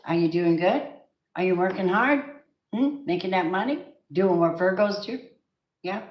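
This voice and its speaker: Low-voiced woman reading tarot, emphatic. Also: lively intonation, moderate pace, a little mellow, a little hiss or hum. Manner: emphatic, preachy, talks straight to the viewer. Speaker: tarot reader. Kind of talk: casual spiritual tarot reading. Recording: echoey room.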